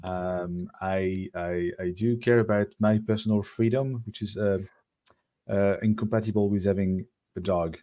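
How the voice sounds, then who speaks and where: A man from France with a French accent, co-hosting a livestream in casual, relaxed chat with frequent hesitations. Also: lowish voice, a little slow. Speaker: co-host.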